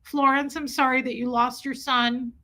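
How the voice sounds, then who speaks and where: A woman's voice: sits high, level tone, normal speed, pushed and bright. A middle-aged woman hosting a livestream, talking candidly and with emotion while answering her chat. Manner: emotional, candid, talks straight to chat viewers. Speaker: livestream host reading chat.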